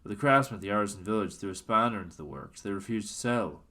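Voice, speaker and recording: A man's voice: lowish voice, quick pace, bright, forceful tone. A man putting on an old Irish colonel. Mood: confiding. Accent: put-on Irish. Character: old white-haired retired Irish colonel, genial host.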